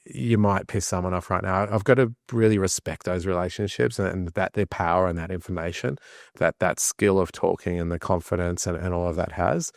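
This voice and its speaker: A man's voice: low voice, brisk, vocal fry, no room sound, clean studio sound. A man, a podcast guest telling candid stories with restarts and self-deprecating humor. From Australia. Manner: animated storyteller, many restarts, self-deprecating.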